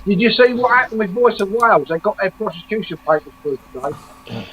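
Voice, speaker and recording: A man's voice: sits high, lively intonation, a little fast, breathy edge, highs cut off. A man from England co-hosting a casual live chat, asking questions and passing on news. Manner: chatty, asks questions, tells news. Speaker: co-host.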